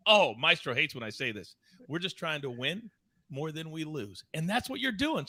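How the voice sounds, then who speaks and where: A man hosting a sports betting show, talking with loud, playful energy and big swings in pitch. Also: expressive, moderate pace, dry recording. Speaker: host.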